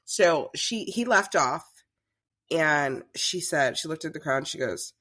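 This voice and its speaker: Woman, talk show host type, guest spinning a lively story in a casual chat. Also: sits low, measured pace. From Southern United States. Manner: chatty, animated storyteller.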